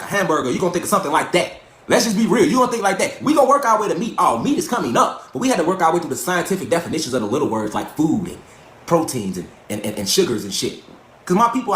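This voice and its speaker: A man hosting a livestream, preaching in a profane, fast, mocking rant. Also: sits high, a bit bright, echoey room. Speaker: livestream host.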